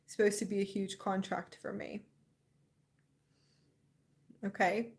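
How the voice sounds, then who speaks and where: On a spiritual livestream, a young woman chats off the cuff, rambling excitedly and laughing often. Her voice is gravelly and of ordinary pitch, and she keeps a measured pace.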